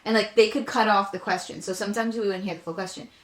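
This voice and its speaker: A young woman co-hosting a casual nostalgic podcast chat, telling stories with animated asides. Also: mid-range voice, quick pace. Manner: animated storyteller, acts out commercial voices. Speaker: podcast co-host. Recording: roomy echo, backup audio.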